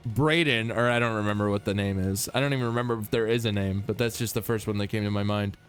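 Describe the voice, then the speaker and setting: A man's voice: fairly low pitch, little pitch movement, fast talker, soft background music. A man casually commenting on his gameplay as a streamer, laid-back, swearing and talking to his chat.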